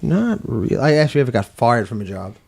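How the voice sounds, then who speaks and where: A man's voice: medium pitch, big pitch swings, fast, gravelly, darkish tone. A man co-hosting a casual podcast, rambling through stories with many fillers. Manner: rambling, filler-heavy, laughs easily. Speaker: podcast co-host. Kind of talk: casual chat.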